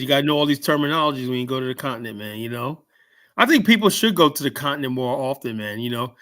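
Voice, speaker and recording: A man's voice: medium pitch, a bit bright. A man hosting a casual chat, talking loosely with plenty of swearing and fillers. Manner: loose and profane, drawn-out fillers. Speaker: podcast host.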